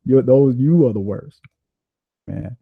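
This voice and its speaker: A man hosting a podcast in casual, profane, animated rants that ramble from point to point. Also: mid-range voice, slow pace, creaky, breathy edge, no echo, phone-quality sound. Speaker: podcast host. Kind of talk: casual ranting chat.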